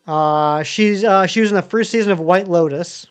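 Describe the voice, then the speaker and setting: Male streamer in his thirties, high voice, rambling chat with viewers, faint music underneath. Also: moderate pace, clean tone. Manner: rambling, chatty, many ums and uhs. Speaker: game streamer. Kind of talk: casual live-stream chat answering viewers.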